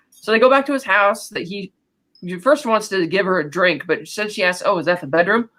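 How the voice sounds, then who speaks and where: A man with a notably high voice chats casually on a podcast. He retells movie scenes in a loose, rambling way, full of filler words. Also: bright, forceful tone, rough recording. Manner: retells scenes quickly with many "you know" fillers. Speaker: podcast co-host. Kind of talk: casual film recap chat.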